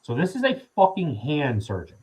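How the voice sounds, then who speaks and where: A man in his thirties with a husky, slightly breathy voice, sitting in as a podcast guest. He tells a long story in a loose, rambling way, full of fillers and casual swearing. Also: a little high, wildly swooping pitch, moderate pace, darkish tone, low-quality recording. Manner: profane, rambling with many fillers.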